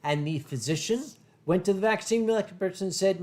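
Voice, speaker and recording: Middle-aged male host, high voice, swears freely, spins anecdotes with put-on voices. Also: fast, a little mellow. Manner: profane, anecdotal, slips into funny voices. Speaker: convention chairman and show host. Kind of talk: casual drinking chat on a livestream.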